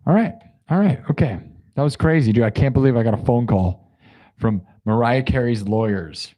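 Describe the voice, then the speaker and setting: A man's voice: mid-range voice, lively intonation, moderate pace, warm tone. A man hosting an improvised music and story livestream, talking casually and joking around with his viewers in a rambling way. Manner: playful, rambling, joking asides to chat.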